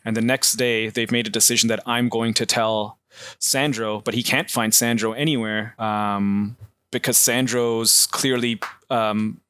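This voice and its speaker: Bright-voiced man recapping a film. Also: medium pitch, fairly even intonation, unhurried, smooth, dry recording. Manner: retells scenes at length with many ums and quoted lines. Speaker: podcast host recapping a film. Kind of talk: casual film discussion.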